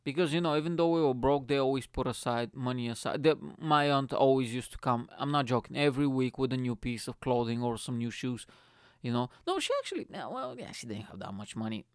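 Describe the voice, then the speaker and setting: Animated and brisk, the host has a clear, resonant, medium-pitched voice as he tells comic tales on his own podcast, swearing liberally and calling his audience "mate" again and again. It's a dry, close-miked recording with no echo.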